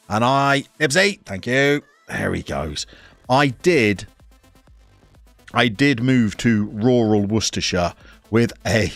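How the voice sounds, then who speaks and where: Low-voiced midlands guy, soft brummie lilt, wry casual game stream chat, faint music behind. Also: no room sound. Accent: soft Birmingham. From English Midlands. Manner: wry, self-mocking chatter to chat. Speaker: streamer playing a football management game. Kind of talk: casual live-stream commentary.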